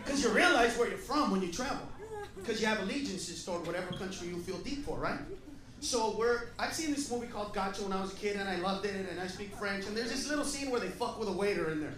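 A man's voice: high-pitched, expressive, fast. A man performing a profane stand-up comedy routine, acting out the characters in his stories. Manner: profane, loud, acts out characters. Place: comedy stage before a laughing audience. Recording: roomy live venue, far mic, crowd noise.

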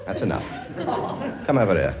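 Acting in a sitcom in front of a laughing audience, a man plays a bossy, boastful comic king who blusters and scolds in a brusque but chummy way. His low voice is sing-song and fairly quick, with crowd noise around it.

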